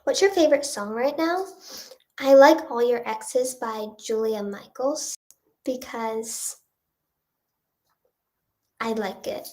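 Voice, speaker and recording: A woman's voice: fairly high pitch, slow pace, pauses often, dark tone. Nasal young woman answering livestream chat. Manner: rambling, filler-heavy, reads chat questions aloud. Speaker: singer-songwriter. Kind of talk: casual livestream Q&A. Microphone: phone or webcam livestream.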